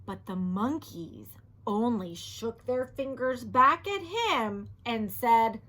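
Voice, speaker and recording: Animated woman teacher reading a storybook aloud. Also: on the high side, slow. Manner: animated, asks the listening children questions, drops to a whisper. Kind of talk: children's storybook read-aloud.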